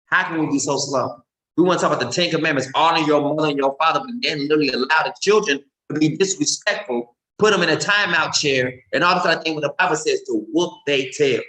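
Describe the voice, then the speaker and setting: Emphatic male preacher in an echoey room. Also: fast. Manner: emphatic, swings between loud outbursts and low murmurs. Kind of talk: informal preaching. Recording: roomy echo.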